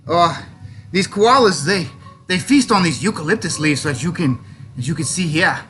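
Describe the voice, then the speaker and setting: A man's voice: a little high, expressive, normal speed, a bit bright, faint music behind. A male teacher with a cold, hamming it up as a safari guide in a playful mock nature documentary and tossing out Aussie slang. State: has a cold.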